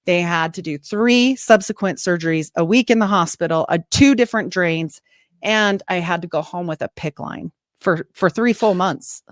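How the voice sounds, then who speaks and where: A nurse and podcaster in her forties tells stories during a casual interview, lively and acting out what others said. Her voice is fairly low and moderately paced, captured in clean studio sound with no room noise.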